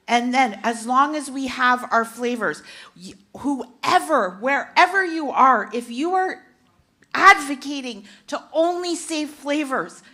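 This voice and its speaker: A woman's voice: sits high, sharp tone. A middle-aged woman, speaking as a consumer advocate at a panel event, impassioned and emphatic with frequent restarts. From Canada. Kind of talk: passionate panel talk. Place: conference event hall.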